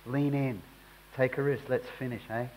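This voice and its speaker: A man's voice: medium pitch, fairly even intonation, moderate pace, darkish tone, slight background noise, poor audio. A man preaching a sermon in a conversational way that rises into emphatic bursts.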